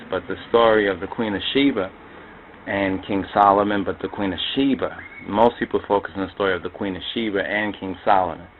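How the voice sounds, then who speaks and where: A man giving a loose, spoken lecture on religious history, often repeating and restarting his phrases. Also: deep voice. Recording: tinny phone-like audio with faint noise.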